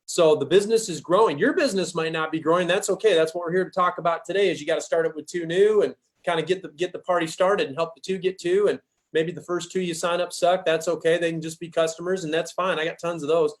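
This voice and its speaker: High-voiced guy hyping his sales team on a zoom call, folksy, keeps saying guys. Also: fast. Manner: energetic, folksy, pumps up listeners with "guys". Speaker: team leader hosting a sales training call. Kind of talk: motivational pep talk.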